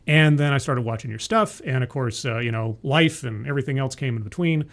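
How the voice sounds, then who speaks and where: A man hosting a live-streamed interview show, chatty and energetic, often correcting himself mid-sentence. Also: medium pitch, a little fast.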